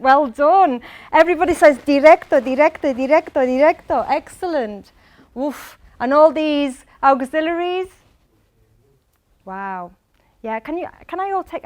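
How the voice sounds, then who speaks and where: A woman from Manchester with a Mancunian accent, giving a lively English lesson in a lecture hall and quizzing the audience by name. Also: sits high. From England, Manchester. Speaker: English teacher.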